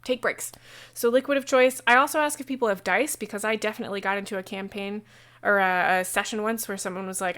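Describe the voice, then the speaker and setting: A woman game master talking casually on a livestream about running a tabletop session, chatty and digressive, with quick asides. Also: medium pitch, fairly even intonation, pushed and bright, clear, resonant tone. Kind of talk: casual how-to talk on a livestream.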